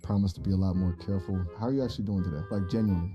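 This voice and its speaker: A man's voice: low voice, steady tone, racing, highs cut off, music in the background. A synthetic male voice assistant making polite, chatty conversation and eager to please. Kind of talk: conversational AI chat.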